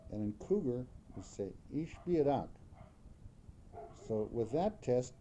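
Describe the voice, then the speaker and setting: A man slowly and carefully explaining word forms, repeating each example word. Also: medium pitch, sing-song, dark tone, slight background noise. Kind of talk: slow explanatory talk.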